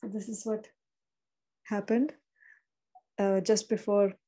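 Mellow woman talking spiritual stuff calmly over a call, soft dark tone. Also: mid-range voice, slow. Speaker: spiritual speaker. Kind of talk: reflective spiritual talk. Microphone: call recording.

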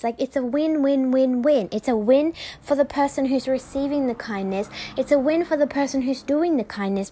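A woman's voice: high-pitched, a little mellow. A woman hosting a casual solo podcast, telling a story in a chatty, enthusiastic way. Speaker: podcast host.

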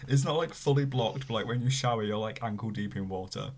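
A young man chatting casually on a podcast, hesitant and deadpan, with many fillers as he reads out news. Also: lowish voice, brisk. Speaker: podcast co-host. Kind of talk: casual chat, reading news aloud.

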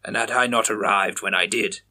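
A man's voice: on the low side, fairly even intonation, moderate pace, pushed and bright, husky, full character voice. A man voicing a male police officer partner in a horror story, speaking in a clipped, defensive way. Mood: grim.

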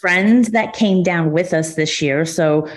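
A woman's voice: on the low side, slow pace, slight background noise. A woman from New Jersey co-hosting a podcast, chatting in an upbeat way. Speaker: podcast co-host. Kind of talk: casual chat.

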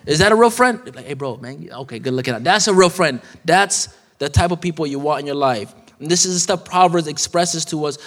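Male preacher, thirties, slangy conversational sermon, fairly high voice, long church reverb. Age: 30s. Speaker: guest preacher. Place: church sanctuary.

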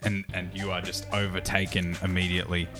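A man's voice: deep voice, monotone, fairly quick, over music. A young man narrating as game master, casual, with many fillers.

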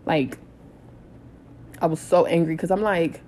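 A woman in her thirties telling a personal story in a casual, animated way, blunt and swearing freely. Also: fairly low pitch, unhurried. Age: 30s. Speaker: storytime vlogger.

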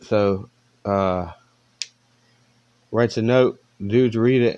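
A man's voice: lowish voice, slow pace, darkish tone, highs cut off. A man hosting a podcast from home, telling rambling stories in a laid-back way and laughing at them. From Virginia. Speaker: podcast host. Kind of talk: casual storytelling.

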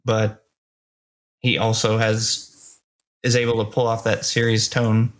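A man co-hosting a casual movie review podcast, relaxed and hesitant, with lots of pauses and restarts. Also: fairly low pitch. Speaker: podcast co-host.

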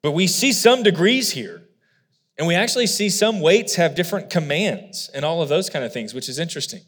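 A man's voice: on the high side, expressive, fairly quick, fairly bright tone, breathy edge. A man preaching a sermon, explaining scripture earnestly and emphatically, with frequent asides to the congregation. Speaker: pastor. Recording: long hall reverb.

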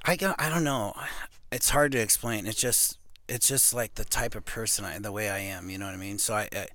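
Speaking briskly in a lowish voice on a dry recording, a Montana man who arm wrestles professionally spins a long, casual story as a podcast guest. He rambles with animation, peppering it with "you know what I mean."

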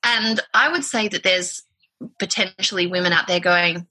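A woman's voice: on the low side, moderate pace, bright, forceful tone, low-quality recording. A woman hosting a podcast interview who asks thoughtful questions. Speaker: podcast host. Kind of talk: casual interview.

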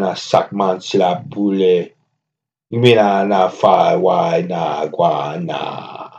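A brash mock Jamaican tough guy, as a man puts him on, leaning low into drawn-out, shouted patois. The voice sits deep and the recording sounds dull and lo-fi, like a home podcast mic. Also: creaky. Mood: rowdy. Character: brash Jamaican man ordering bacon and eggs.

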